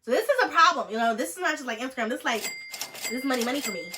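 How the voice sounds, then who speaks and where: A young woman vlogger telling a story in a sassy, animated way, acting out the text messages. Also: high-pitched, rapid-fire, noisy background. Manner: animated, sassy, acts out texts. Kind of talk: storytime chat.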